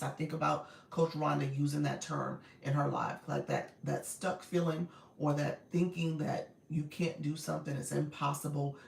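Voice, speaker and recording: A woman with a raspy, gravelly voice that sits somewhat low, and it sounds a little strained today. She chats casually and warmly with viewers on a live stream, full of encouragement. The sound is roomy and echoey. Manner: warm, encouraging, greets viewers often. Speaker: live-stream host and coach. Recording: echoey room.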